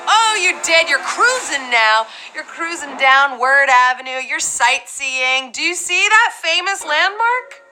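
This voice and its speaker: A young woman hosting a live trivia game show, playful and chatty with quick asides. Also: very high voice, sharp tone, low-quality recording.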